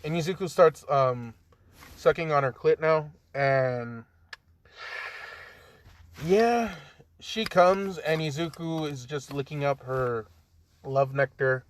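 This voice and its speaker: A man's voice: a little high, takes it slowly, long pauses, a little hiss or hum. A young man casually improvising a story, rambling with lots of fillers and joking asides.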